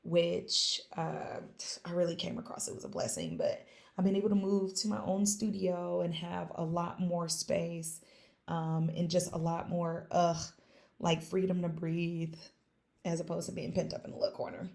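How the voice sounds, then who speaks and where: A young woman in casual podcast chat, telling a lively story, acting out quoted lines and laughing often. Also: lowish voice, moderate pace, creaky. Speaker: podcast guest, small business founder.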